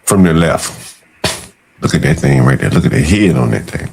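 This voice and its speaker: A man co-hosting a casual podcast chat, breaking into drawn-out exclamations and laughing often. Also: very deep voice, sing-song, creaky, darkish tone, breathy edge. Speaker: co-host.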